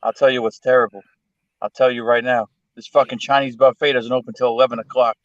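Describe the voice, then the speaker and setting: A man's voice: mid-range voice, level tone, fast, dry recording, muffled recording. A man in casual chat, joking crudely and repeating himself.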